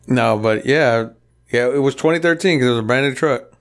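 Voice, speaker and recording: A man's voice: medium pitch, fairly quick. A man in his thirties, co-hosting a podcast, telling crude garage stories in casual chat and acting out the quotes. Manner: profane, rowdy storytelling with acted-out quotes. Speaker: podcast co-host.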